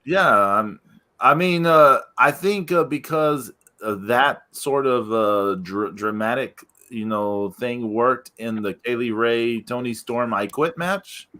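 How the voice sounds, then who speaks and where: A man's voice: mid-range voice, slow, bright, forceful tone. A man hosting a wrestling podcast in casual chat, rambling with many restarts. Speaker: podcast host.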